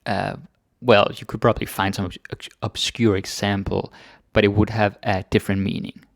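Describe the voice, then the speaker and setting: Man, low gravelly voice, dry close sound, casual chatty teaching. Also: normal speed, no echo. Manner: relaxed, chatty, thinks aloud with fillers. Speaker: Danish language teacher. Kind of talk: casual grammar lesson.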